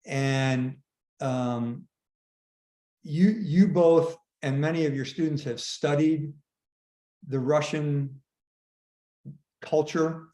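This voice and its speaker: A man in his sixties, a retired army general, telling anecdotes in a casual online conversation, with halting restarts. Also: a little high, mellow, echoey room. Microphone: video call.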